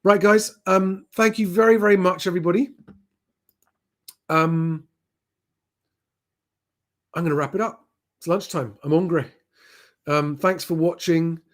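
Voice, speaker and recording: Relaxed man hosting a live Q&A. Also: high voice, a little slow, pauses often. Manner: relaxed, conversational, frequent "um" fillers. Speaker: host answering viewer questions. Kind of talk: live Q&A stream.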